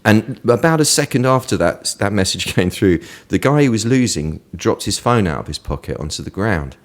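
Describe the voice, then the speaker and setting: A man with a very deep voice, speaking as a guest in a relaxed interview. He tells stories with lively energy and frequent laughter. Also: moderate pace. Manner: lively storyteller who laughs often. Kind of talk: animated storytelling in casual conversation.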